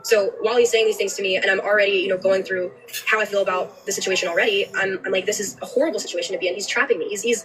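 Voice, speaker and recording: A young woman giving a personal account on a livestream, earnest, with frequent halting restarts. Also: medium pitch, a bit bright, recorded from a distance, a little hiss or hum, rough recording. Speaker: livestreamer telling her story.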